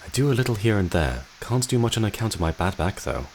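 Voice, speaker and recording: A man's voice: fairly low pitch, big pitch swings, fast, darkish tone, a little hiss or hum. A man voicing an old male gardener with a bad back, speaking in a dry, deferential way in a mystery game.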